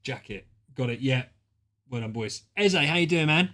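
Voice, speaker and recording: A British man streaming a drawing game, chatting casually with friends and reacting loudly to their guesses. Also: mid-range voice, moderate pace, background noise. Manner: excitable, banter-heavy and sweary, reacting to guesses. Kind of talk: casual gaming stream chat.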